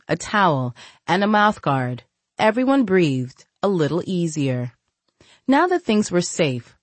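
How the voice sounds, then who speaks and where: A woman narrating an audiobook in steady storytelling. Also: lowish voice, no room sound. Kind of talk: scripted narration.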